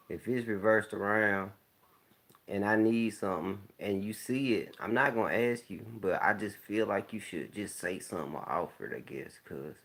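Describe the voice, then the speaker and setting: A man talking candidly in a laid-back, rambling monologue, clearing his throat often. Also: sits low, fairly bright tone. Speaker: vlogger. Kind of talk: casual monologue to camera. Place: home, smoking while talking.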